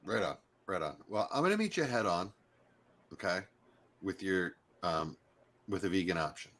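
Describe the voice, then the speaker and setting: A middle-aged man chatting casually on a podcast, telling lively food stories and slipping into quick mimicry. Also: deep voice. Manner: animated storyteller, mimics accents in passing. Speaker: podcast co-host. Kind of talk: casual chat.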